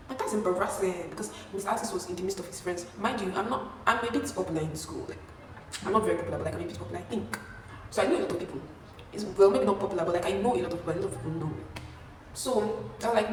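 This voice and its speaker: A young woman telling a storytime vlog, animated and acting out the people she quotes. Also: quick pace. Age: young adult. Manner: animated, acting out quotes with sudden pitch jumps. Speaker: vlogger. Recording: echoey room, far from mic, faint hiss.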